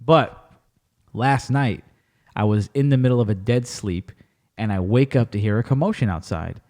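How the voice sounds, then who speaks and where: A man hosting a podcast, chatting casually and telling animated stories with plenty of swearing. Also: medium pitch. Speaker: podcast host. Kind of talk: casual chat.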